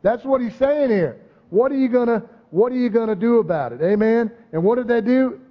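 A man's voice: extremely high pitch, expressive, brisk. A man preaching a sermon, emphatic, often asking the congregation "amen?" and "right?". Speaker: pastor. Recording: dull muffled sound with long hall reverb.

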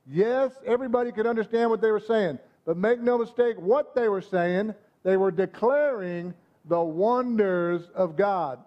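A male pastor delivers a sermon in a relaxed, conversational way, checking in with the congregation. His voice sits high for a man. The recording sounds somewhat dull and muffled. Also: a little slow, few pauses. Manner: conversational preaching, frequent "amen?" asides to the congregation.

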